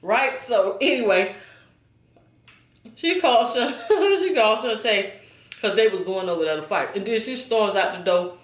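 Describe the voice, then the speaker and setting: A woman in her forties telling a story to her viewers in a chatty, animated way, often checking in with them. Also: medium pitch, moderate pace, pauses often, reverberant. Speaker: vlogger. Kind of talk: casual storytime.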